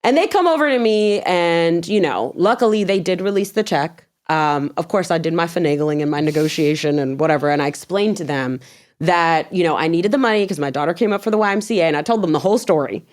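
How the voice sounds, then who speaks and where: A woman guest telling a story in an interview. She is animated, laughs often, acts out her own past words, and swears bluntly. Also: fairly low pitch, fairly quick.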